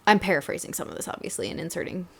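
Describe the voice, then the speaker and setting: Chatty young woman, low voice. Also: huge pitch swings, very fast, vocal fry, a little hiss or hum. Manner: chatty, many "like" fillers, tearful at times. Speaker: podcast co-host. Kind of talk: casual chat.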